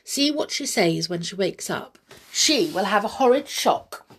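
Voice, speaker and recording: A woman voicing a sly, smug toy clown in a storybook, with a slow, creaky, husky voice. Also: medium pitch, animated, fairly bright tone, heavily acted.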